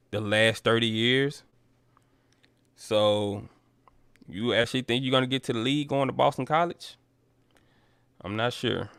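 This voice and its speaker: Man, casual sports talk host, gravel in the voice, clean dry recording. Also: medium pitch, pushed and bright, no echo. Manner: loose, conversational, addresses viewers as y'all. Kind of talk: casual chat reading viewer comments.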